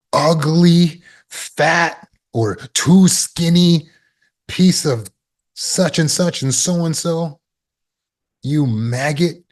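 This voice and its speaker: A man acts out a scornful inner critic, his voice pushed high and sneering. It spits insults and disgust with open contempt, like a bully in his own head. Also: a little mellow.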